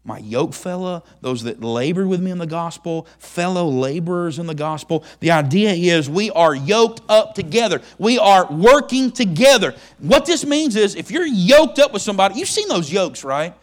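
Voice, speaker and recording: A man preaching a sermon in a folksy, emphatic way, swinging from loud to hushed. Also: high voice, lively intonation, normal speed, hardly any pauses.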